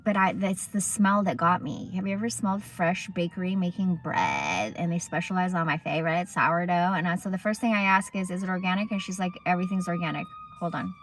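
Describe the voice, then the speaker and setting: Speaking briskly on the low side with hardly a pause, a young livestream host tells meandering, curse-filled stories with many tangents. A faint hiss or hum is audible in the recording.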